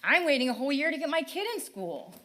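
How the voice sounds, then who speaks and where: A woman's voice: sits high, big pitch swings, quick pace, bright, forceful tone. A middle-aged woman making an impassioned, frustrated public comment at a town council meeting, pleading with rhetorical questions. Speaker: parent speaking at public comment.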